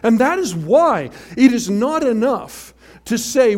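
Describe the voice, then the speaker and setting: A man delivering a sermon with a fairly high voice. He preaches emphatically, swinging between loud, driving passages and hushed ones. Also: very animated, slow pace.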